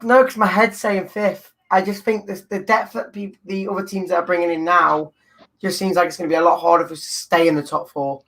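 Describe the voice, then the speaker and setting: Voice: mid-range voice, little pitch movement, a little fast, fairly bright tone. A young adult guest fan in casual chat, hesitant and thinking aloud.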